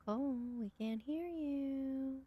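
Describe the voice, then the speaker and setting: Woman co-host on a live stream, kinda high voice, jokey and teasing. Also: takes it slowly, no room sound, muffled recording. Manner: playful, teasing. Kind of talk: casual chat on a live stream.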